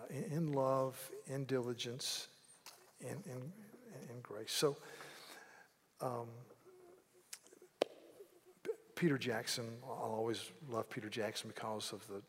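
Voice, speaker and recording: A man preaching a sermon, earnest, with loud, emphatic passages when he reads quotes aloud. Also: medium pitch, husky, big-room sound. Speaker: pastor.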